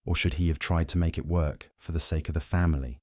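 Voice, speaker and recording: A man reading a scripted first-person story in an even, measured way. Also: extremely low pitch, dry recording, studio quality. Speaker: story narrator.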